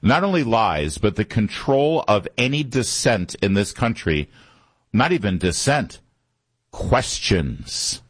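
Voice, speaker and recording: A man in his fifties hosts a morning radio talk show, his voice deep and low. He rambles easily, full of fillers and restarts, into a studio mic with a dry, close sound. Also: very animated, slow, slightly rough, no room sound. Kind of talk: conversational radio monologue. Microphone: studio microphone.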